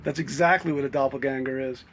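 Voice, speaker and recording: Here the travel vlogger talks fast in a steady, creaky, mid-range voice, rambling reflectively and laughing at times. He starts outdoors on the road and ends up inside his vehicle on a cold morning.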